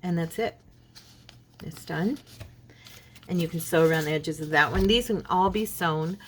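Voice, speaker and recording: A woman with a fairly low voice walks viewers through a paper craft project in a relaxed, chatty way. She keeps checking in with "okay" as she folds and shows each piece, with a faint hiss behind her. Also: moderate pace. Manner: chatty, many "okay"s, talks while folding and showing paper. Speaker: craft video host. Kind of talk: casual craft tutorial.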